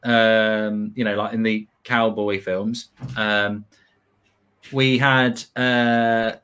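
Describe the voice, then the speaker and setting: A man's voice: lowish voice, little pitch movement, drawn-out words, a bit bright, clear, resonant tone. Rambling man telling stories. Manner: rambling, laughing, self-mocking, lots of fillers. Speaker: football pundit. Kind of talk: casual storytelling chat.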